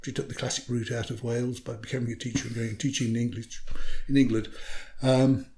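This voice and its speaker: A man's voice: mid-range voice, level tone, fast, mellow. Male storyteller from the UK, casual interview guest, anecdotal and wry. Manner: chatty, anecdotal, dry humour. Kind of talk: casual conversation.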